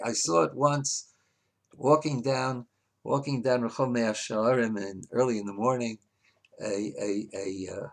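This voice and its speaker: A man teaching a Torah class, reading Hebrew text aloud and explaining it in English, with emphatic and soft passages. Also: fairly high pitch. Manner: storytelling, swings between loud emphasis and soft asides.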